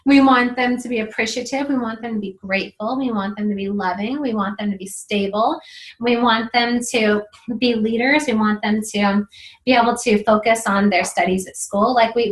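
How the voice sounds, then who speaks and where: Middle-aged woman host, earnest and encouraging, a bit high, casual to-camera talk. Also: moderate pace, poor audio. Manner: earnest and encouraging, many fillers. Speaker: host of a marriage video series.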